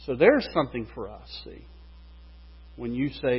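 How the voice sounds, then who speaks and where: A man preaching a sermon, animated, his voice rising and falling for emphasis. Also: medium pitch, normal speed, pauses often, slightly rough. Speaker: pastor. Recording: dull, reverberant hall recording.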